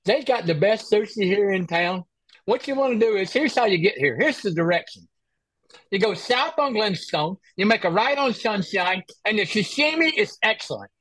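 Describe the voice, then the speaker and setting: A man's voice: high voice, lively intonation, fast talker, hardly any pauses, fairly bright tone. An eager, earnest male volunteer who talks in an everyday voice and drags out his words a bit, as a man telling a story puts him on. The sound is dry, with no room echo, and comes over a video call.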